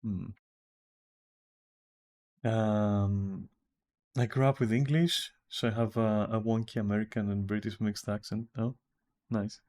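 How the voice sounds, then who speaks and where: A man's voice: on the low side, steady tone, measured pace, long pauses, darkish tone. A man with a Greek accent chatting casually with viewers while streaming a game from home, rambling and swearing casually. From Greece.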